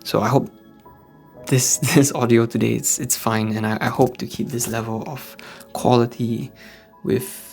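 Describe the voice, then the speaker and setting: A man from Singapore with a Singaporean English accent, hosting a casual motivational vlog from home late at night and talking softly in a hushed indoor voice. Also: mid-range voice, fairly even intonation, a little slow, gravelly. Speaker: host of a faith-based channel for men. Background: faint background music.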